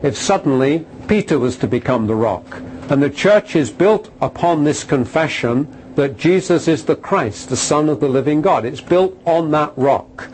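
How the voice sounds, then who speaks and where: A man's voice: fairly high pitch, lively intonation, moderate pace, few pauses, a little mellow, a little hiss or hum, low-quality recording. A man teaching a Bible lesson to a group, reading verses aloud and pressing points with rhetorical questions. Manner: emphatic, rhetorical questions, reads scripture aloud. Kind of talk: sermon-style Bible teaching.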